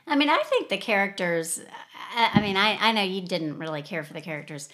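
A woman discussing a film in a casual panel chat, measured and often pausing to search for words. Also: medium pitch, very animated, a bit bright. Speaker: film critic.

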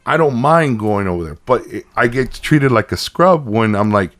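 A man's voice: mid-range voice, animated, moderate pace, fairly bright tone. A man in his thirties, a podcast co-host, telling a story in casual chat, acting out both sides of a conversation and swearing when worked up.

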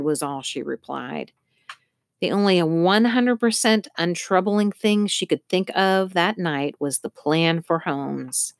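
A woman with a low voice narrates a novel, reading expressively and shaping each scene with care. The recording is dry and close, with no room sound. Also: no room sound. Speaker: audiobook narrator. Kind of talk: scripted narration.

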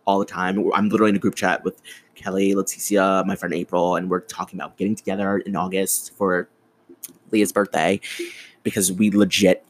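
A man's voice: deep voice, brisk. A young man in his twenties hosting a podcast, telling a rant-filled story in casual solo talk, swearing freely. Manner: animated, swearing, ranting storyteller. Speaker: podcast host.

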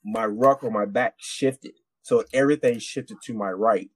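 A man's voice: on the low side, moderate pace, slightly rough, no room sound. A man, a military veteran, tells a war story on a podcast in a rambling, profane way, with many restarts. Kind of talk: casual storytelling.

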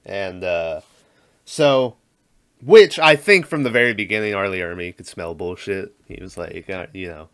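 A man's voice: sits low, lively intonation, normal speed, a bit bright, clear, resonant tone. Chatty man retelling a film plot. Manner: rambling, laughs often, acts out quotes. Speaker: podcast co-host. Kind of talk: casual movie recap chat.

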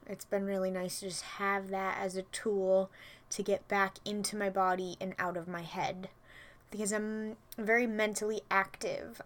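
Young woman host, casual chatty delivery, slightly winded, breathy asides. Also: mid-range voice. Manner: chatty, frequent "like" and "you know", soft breathy asides. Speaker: podcast host. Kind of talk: casual solo chat.

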